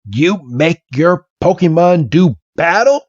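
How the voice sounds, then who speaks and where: A man voicing a fussy, gentle elderly club director in a high, lilting put-on voice, read aloud on a podcast. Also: expressive, slow, dry recording, dull audio. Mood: genteel.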